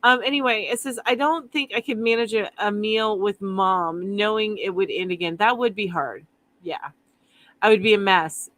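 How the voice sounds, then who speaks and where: A woman's voice: medium pitch, normal speed, fairly bright tone, no echo. A woman hosting a live stream, chatting casually and reading out viewer comments, rambling and laughing easily.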